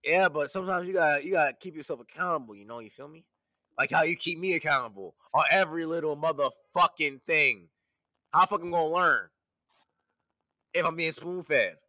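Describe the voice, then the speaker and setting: A man's voice: fairly high pitch, brisk, sharp tone, no room sound. A man from California in casual chat, laid-back and teasing, swearing freely. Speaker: podcast co-host.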